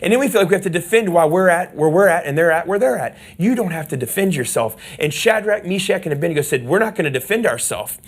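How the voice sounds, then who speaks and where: A man's voice: high voice, expressive, fast, few pauses. A man preaching a sermon as pastor, passionate and emphatic, leading the congregation to repeat lines back. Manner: passionate preaching, leads call-and-response; swings from hushed asides to loud emphatic lines. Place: church sanctuary.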